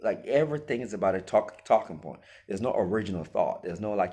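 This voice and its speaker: A man's voice: low voice, expressive, fast, few pauses, warm tone. A man giving an emphatic opinion monologue, full of rhetorical questions and acted-out quotes. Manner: acts out quoted voices. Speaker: commentator.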